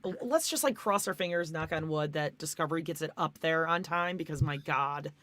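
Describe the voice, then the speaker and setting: Lower-voiced woman podcast co-host, blunt. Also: a little fast, a bit bright. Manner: dry, blunt reactions. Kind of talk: casual recap chat.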